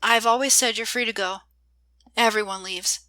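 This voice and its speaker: A woman's voice: fairly high pitch, steady tone, normal speed, pushed and bright, no echo. A woman voicing a lonely, guarded young woman who talks in a curt, bitter way.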